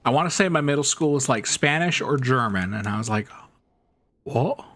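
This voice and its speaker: A man's voice: mid-range voice, animated, fast talker, a bit bright. A man streaming a game, telling stories in a rambling, chatty way and laughing often. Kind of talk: casual chat while gaming.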